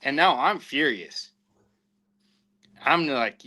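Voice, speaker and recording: A man recounting a hunting trip in loose, casual conversation. His voice is bright and forceful, and he slips into voicing what others said mid-story. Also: medium pitch, slow pace, poor audio. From southwestern United States. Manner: animated anecdote-telling with acted-out quotes. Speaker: podcast host and houndsman.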